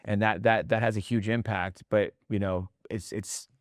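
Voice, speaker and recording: Lively low-voiced man telling stories. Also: moderate pace, no echo, studio quality. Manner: animated storyteller, acts out quotes, tags lines with "right?"; casual, mild swearing. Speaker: restaurant leadership founder and host. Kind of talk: casual podcast conversation.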